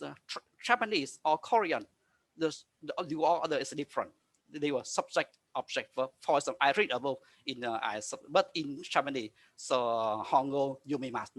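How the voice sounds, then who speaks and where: A man giving a conference presentation over a video call, speaking haltingly with frequent restarts and nonstandard grammar. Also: fairly high pitch, sharp tone, no echo. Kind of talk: lecture presentation.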